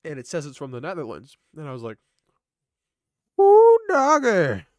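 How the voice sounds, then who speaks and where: A man's voice: medium pitch, racing, dry recording, clean studio sound. A young man casually telling a personal story to his channel, laid-back and rambling, full of slang and fillers. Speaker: vlogger.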